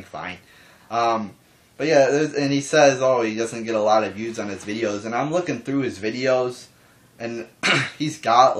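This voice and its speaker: A young man talking calmly to his camera in a casual response vlog, rambling with lots of restarts and fillers and casual swearing. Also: fairly low pitch. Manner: calm, even talking voice. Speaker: wrestling YouTuber.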